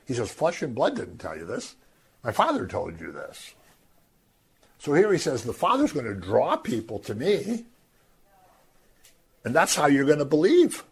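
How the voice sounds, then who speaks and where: A man teaching from the Bible in a lively, conversational way, acting out the crowd's voices. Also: fairly low pitch, vocal fry, husky. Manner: animated, acts out voices of the crowd. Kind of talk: scripture teaching.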